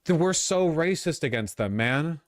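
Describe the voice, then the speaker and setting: A man's voice: fairly high pitch, animated, normal speed, slight background noise. A man streaming live, reacting to a news video in an exasperated, sarcastic way and swearing often.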